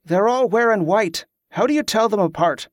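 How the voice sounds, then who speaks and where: A man's voice: high-pitched, animated, moderate pace, no room sound, studio quality, pitched above the performer's own voice. A male narrator voicing a young nobleman who talks in a polite, wry and inquisitive way. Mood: curious.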